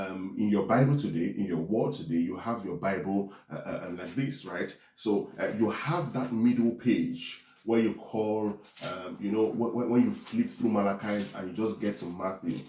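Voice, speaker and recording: A man's voice: fairly low pitch, a little mellow. A man preaching a Bible teaching, often checking in with his listeners with "right?" and "are we together?". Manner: preaches with many "right?" tag questions. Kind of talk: sermon. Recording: echoey room.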